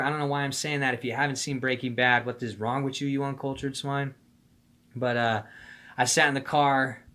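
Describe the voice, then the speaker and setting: A man's voice: mid-range voice, a bit bright. A young man telling a story in casual slang, rambling and profane, acting out the voices of the people he quotes. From Phoenix, Arizona. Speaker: storyteller vlogger.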